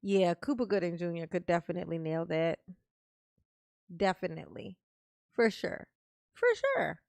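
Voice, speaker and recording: A woman's voice: on the low side, steady tone, normal speed, vocal fry, darkish tone, dry recording. A woman hosting a casual livestream, chatting with viewers in a laid-back way and swearing freely. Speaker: livestream host reading viewer comments.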